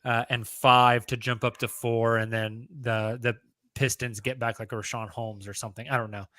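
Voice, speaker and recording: A man's voice: medium pitch, little pitch movement, moderate pace, sharp tone, dry recording. A man co-hosting a casual sports podcast, reading out trade rumors and arguing his points emphatically. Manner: emphatic, argues by role-playing hypotheticals.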